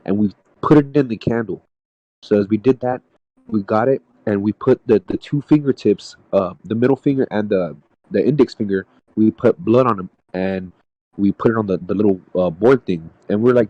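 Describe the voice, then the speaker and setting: A man telling a personal story in casual podcast talk, halting and rambling with lots of "dude" and "man". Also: on the low side, mellow, dry recording, muffled recording. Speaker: podcast panelist. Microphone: podcast mic.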